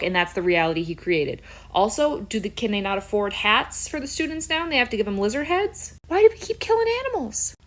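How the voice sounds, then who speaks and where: A young woman talks through a comedic reaction video with wry, sarcastic humor. Her voice sits at an ordinary middle pitch and her asides land playfully. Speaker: YouTuber.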